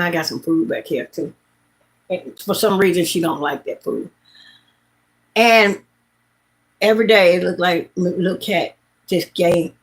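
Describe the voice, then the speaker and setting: A woman in her late fifties from the American South talks straight to her livestream viewers in a relaxed, meandering way. She circles back, repeats phrases and tells heartfelt stories in a mid-pitched voice. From Mississippi, USA. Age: late 50s. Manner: rambling, repetitive, heartfelt storytelling. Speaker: livestream host. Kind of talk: casual livestream chat.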